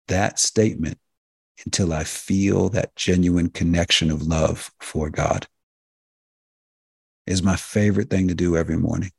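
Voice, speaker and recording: Hosting a health talk radio show, a man with a very low, husky, fry-heavy voice addresses listeners directly as folks and healers. He uses an emphatic, preacher-like cadence with repeated phrases, recorded dry and close.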